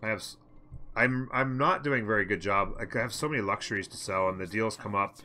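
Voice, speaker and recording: A man talks through a strategy game in live commentary, muttering his plans to himself and answering his viewers. His voice sits fairly low but sounds very bright and forceful, with a tense edge. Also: brisk, faint music behind. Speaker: let's play host.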